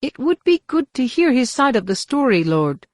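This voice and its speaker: A woman's voice: high voice, sing-song, normal speed, darkish tone, no room sound, clean studio sound, pitched above the performer's own voice. A woman voicing an anxious male court official pleading for a colleague in an audiobook.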